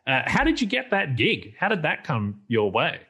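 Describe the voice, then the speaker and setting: A man's voice: a little high, huge pitch swings, a bit bright, breathy edge. A man hosting a podcast, reacting eagerly and joking with his guest in casual interview chat. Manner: enthusiastic, quick reactions and jokes. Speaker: podcast host.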